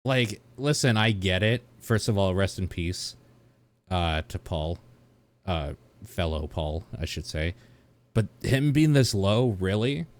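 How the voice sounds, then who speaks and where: A man's voice: low voice, animated, takes it slowly. A man giving rambling, casual commentary while reacting to a video, laughing now and then. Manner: chatty, rambling, laughs often.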